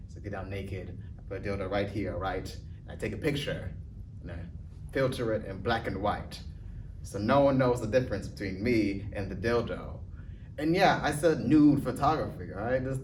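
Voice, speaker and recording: A young man doing a casual stand-up set, rambling and deadpan with lots of swearing. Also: fairly low pitch, noisy background. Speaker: stand-up comedian. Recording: distant mic with faint ambience.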